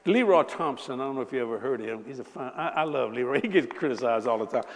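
A man in his seventies preaching a sermon, telling a personal story with lots of laughter and sudden loud bursts. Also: medium pitch, fast. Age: 70s. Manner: animated, laughing, bursts of shouting. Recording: echoey hall.

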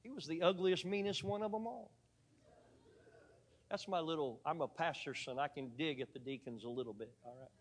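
A man delivers a sermon with a higher-than-usual voice, full of folksy asides and jokes to his congregation. His voice carries a long church reverb from the sanctuary around him. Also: brisk. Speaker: preacher. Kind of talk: sermon with storytelling.

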